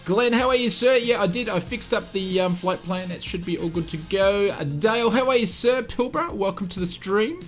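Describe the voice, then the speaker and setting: A man's voice: high voice, expressive, normal speed, few pauses, fairly bright tone, soft background music. A man with an Australian accent, hosting a flight sim live stream and greeting viewers in a chatty, friendly way with many fillers.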